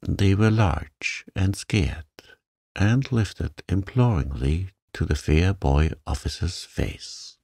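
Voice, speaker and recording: Slow, deep, gravelly male narrator. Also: lively intonation, no echo, studio quality. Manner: slow, soft and gentle. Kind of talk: calm sleep-story narration.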